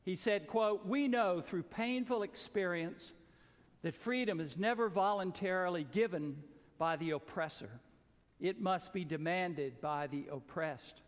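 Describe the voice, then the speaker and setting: A man raised in the American South preaching a sermon, earnest, rising to emphatic calls and then dropping low and soft. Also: a little slow, big-room sound. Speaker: pastor.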